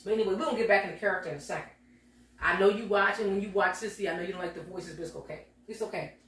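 A woman's voice: medium pitch, rapid-fire, a bit bright. Chatty woman vlogging in an echoey kitchen. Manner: chatty, folksy, talks straight to the viewers. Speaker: lifestyle vlogger. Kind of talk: casual chat to viewers. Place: home kitchen. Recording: echoey room, voice from a distance.

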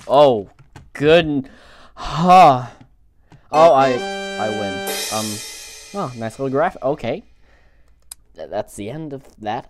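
A young man hosting a gaming channel, reacting excitably to the game with yelps and groans. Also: mid-range voice. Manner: excitable, frequent outbursts and groans. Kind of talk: game commentary.

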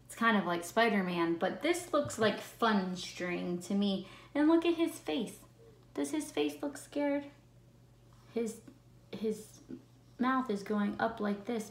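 Slow, expressive woman reading to kids. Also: medium pitch. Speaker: teacher. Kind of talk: reading a picture book aloud to children. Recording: roomy echo.

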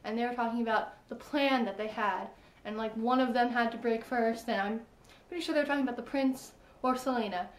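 A woman talking casually about a book she loved, chatty and excitable, with lots of fillers. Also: a little high, fairly quick, reverberant. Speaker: book vlogger. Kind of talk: casual book discussion vlog.

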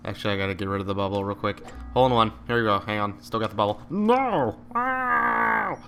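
A man giving live, joking commentary over a video game, with excited outbursts at each shot. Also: lowish voice, very fast, faint music behind. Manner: excitable, joking, bursts out at shots. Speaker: gameplay commentator.

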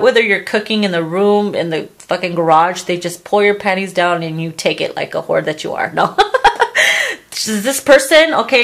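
A woman doing a casual tarot reading, blunt and crude, laughing often and acting out what people say. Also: mid-range voice. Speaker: tarot reader.

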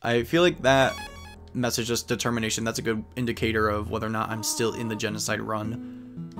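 A man's voice: lowish voice, a little fast. A man giving casual gameplay commentary, chatting about his choices and reading the game's dialogue aloud. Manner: chatty, reads game dialogue aloud, flat asides. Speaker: let's play commentator. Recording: guitar music playing behind.

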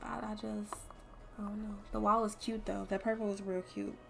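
A young woman with a gravelly, fry-edged voice at a middling pitch, chatting loosely to her viewers while she plays. She swears freely and thinks out loud, with faint game music underneath. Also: level tone, moderate pace. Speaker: streamer. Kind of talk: casual gameplay commentary.

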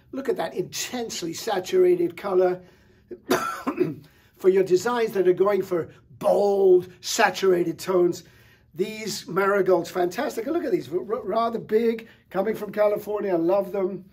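A middle-aged man walks through a flower showcase with relaxed enthusiasm. His voice sits high for a man yet sounds warm and mellow, with a husky edge. He pauses often on fillers as he talks. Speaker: florist presenter. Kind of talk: product showcase talk.

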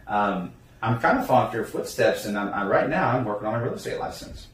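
A man's voice: fairly low pitch, expressive, quick pace. A young man talking casually as an interview guest, rambling with many fillers and restarts. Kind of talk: casual conversation. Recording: echoey room, mic at a distance, faint background noise.

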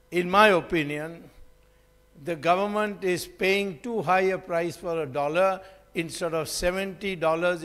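High-pitched guy giving a rambling talk, lots of uhs, echoey hall. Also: a bit bright. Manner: rambling, many fillers and restarts, storytelling. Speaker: public speaker. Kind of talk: public lecture. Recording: hall reverb.

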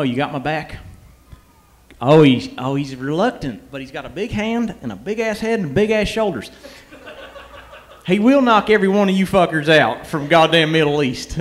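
A man talking on a comedy roast stage, rowdy, crude and boastful, swearing constantly into a handheld mic. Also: fairly high pitch. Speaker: guest fighter at a comedy roast. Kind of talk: profane improvised stage banter. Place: comedy club stage with live audience.

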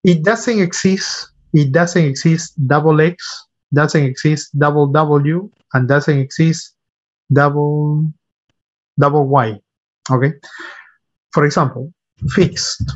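Slow, patient male teacher. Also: a little high, fairly even intonation, lo-fi sound. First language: Spanish. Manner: patient, repeats and spells out words for students. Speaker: English teacher. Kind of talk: online class lecture. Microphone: computer mic on a video call.

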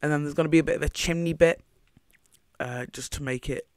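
A man's voice: a little high, steady tone, a little fast, dry recording, clean studio sound. A man giving casual commentary over his own game footage, rambling and thinking aloud as he goes.

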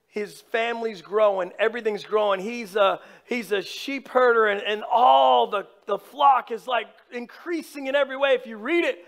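A pastor giving an animated, informal sermon, talking straight to his congregation. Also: very high voice. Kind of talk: conversational sermon.

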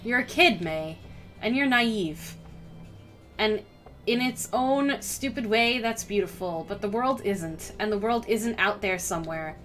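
A woman's voice: medium pitch, animated, measured pace, fairly bright tone, soft background music. A woman voicing a stern, guarded small-town cop who speaks in ominous warnings.

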